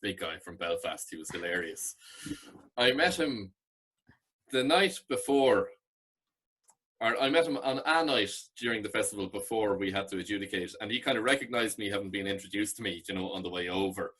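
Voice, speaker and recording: A man chatting as a podcast guest, an animated storyteller who often laughs. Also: lowish voice, normal speed, husky. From Ireland. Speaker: guest, traditional musician. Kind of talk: casual podcast chat.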